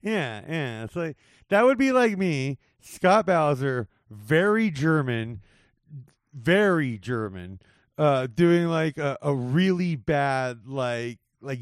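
A man's voice: medium pitch, lively intonation, slow, smooth, dry recording. Rambling man, dry close sound. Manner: rambling, lots of "like" and laughter. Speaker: podcast guest, comedian. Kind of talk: casual comedic podcast chat.

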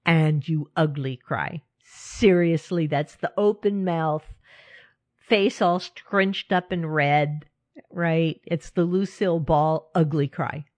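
This middle-aged woman has a deep voice and takes her time as she hosts a relaxed self-help talk. She's frank and animated, laughs a lot, and speaks straight to her audience. The recording is dry and a bit muffled.

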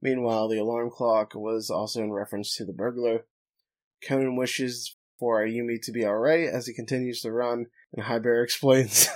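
Podcast host, male, mid-pitched, summarizes the plot with a laugh now and then. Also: level tone, moderate pace. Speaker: podcast host recapping an anime episode. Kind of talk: casual recap chat.

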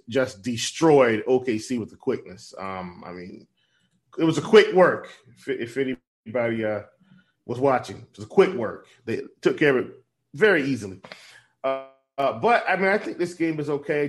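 A man co-hosting a fantasy basketball podcast in casual chat, often stumbling and repeating words with many fillers. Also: mid-range voice.

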